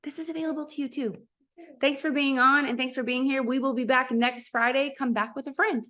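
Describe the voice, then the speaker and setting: A woman in her thirties giving an upbeat motivational sales pitch for a network marketing business, talking straight to her audience. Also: steady tone, fairly quick, pushed and bright. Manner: upbeat, addresses the audience directly.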